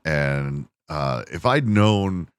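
A man's voice: a bass voice, expressive, very slow, clear, resonant tone, no echo, clean studio sound. A man hosting a podcast, telling crude, self-mocking stories in a casual monologue. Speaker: podcast host.

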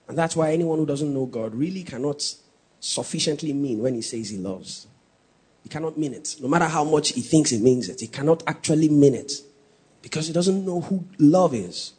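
A man preaching a sermon, teasing the congregation and building to shouted emphasis. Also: mid-range voice, slightly rough. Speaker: pastor.

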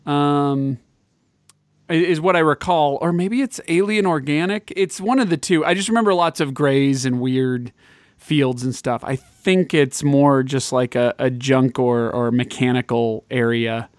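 A man's voice: mid-range voice, measured pace, no echo, clean studio sound. A man co-hosting a podcast, chatting casually about old arcade games and rambling with many fillers and restarts. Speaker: podcast co-host.

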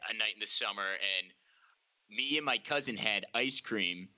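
A young man, a podcast co-host, telling a childhood story in casual chat over a remote call, animated, laughing often and swearing freely. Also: lowish voice, measured pace, low-quality recording. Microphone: remote call over shaky Wi-Fi.

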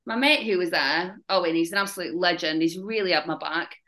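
A young woman with a Northern English accent, a fitness coach talking candidly as a podcast guest, blunt and quick to laugh at dark stories. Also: lowish voice, low-quality recording. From Northern England. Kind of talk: casual chat.

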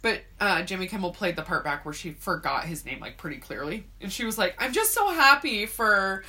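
A woman's voice: lowish voice, a little fast. A woman co-hosting a casual podcast chat, telling stories animatedly, swearing freely and acting out what people said. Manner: animated storyteller, swears freely, acts out quotes. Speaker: podcast co-host.

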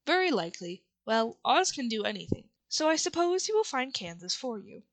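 A woman reading aloud, voicing a thoughtful grown man in a storybook, explaining things in a measured way. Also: on the high side, sing-song. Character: thoughtful grown man, a friendly farmer host. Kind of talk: audiobook reading.

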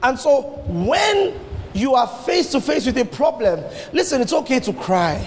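A man preaching a sermon, animated and swinging his pitch up and down as he fires rhetorical questions at the congregation. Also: measured pace, a little hiss or hum. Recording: long hall reverb, faint ambience.

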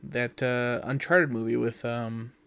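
A man's voice: mid-range voice, steady tone, measured pace, vocal fry, fairly bright tone, clear, resonant tone, no echo. A man co-hosting a podcast in casual chat, reading out listener questions and answering in a laid-back way.

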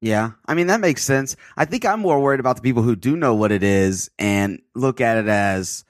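A man's voice: medium pitch, animated, fairly quick, no room sound, studio quality. A man co-hosting a casual tech podcast, talking in a laid-back, hedging way full of fillers. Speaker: podcast co-host.

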